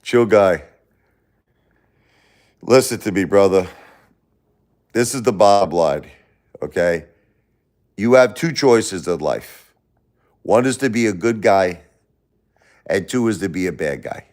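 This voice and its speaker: A man hosting a live stream, angrily lecturing and insulting a chat commenter with lots of profanity, swinging between loud outbursts and low muttering. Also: expressive, slow, long pauses. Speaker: livestream host reading chat. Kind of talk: livestream rant at a chat commenter.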